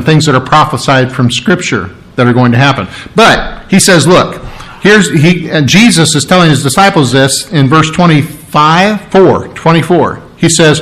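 A man preaching a sermon as a pastor, conversational and animated, often asking his listeners questions and joking, with sore ribs. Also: a little high. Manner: conversational, animated, asks the audience questions, jokes.

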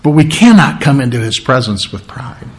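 A man's voice: mid-range voice, sing-song, normal speed. A male pastor preaching a sermon, earnest, asking rhetorical questions and answering them himself.

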